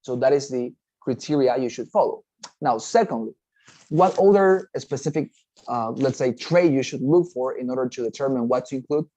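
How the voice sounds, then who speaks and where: A man's voice: mid-range voice, moderate pace, dark tone, no room sound, poor audio. A man teaching a test-preparation lesson, explaining step by step, often checking in with "okay?" and restarting phrases. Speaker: TOEFL teacher. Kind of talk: recorded class lecture.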